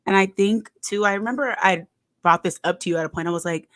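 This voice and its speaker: A woman's voice: medium pitch, quick pace, a bit bright, no echo. A young woman co-hosting a podcast, talking earnestly and reflectively, laughing often. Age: young adult. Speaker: podcast co-host. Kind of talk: casual candid chat.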